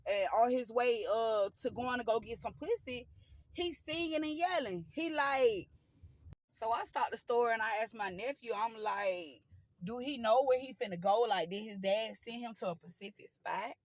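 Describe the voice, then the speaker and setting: A woman casually telling a story to her viewers, loose and animated, full of slang and acting out the people she quotes. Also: a little high, moderate pace, dry recording, low-quality recording.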